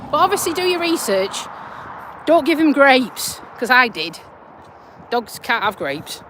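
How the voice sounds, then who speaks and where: A woman with a high, fairly bright voice chats casually on a live stream as she walks her dog through the city, holding her phone in her hand. She's down-to-earth and swears now and then. The recording is rough, with slight background noise.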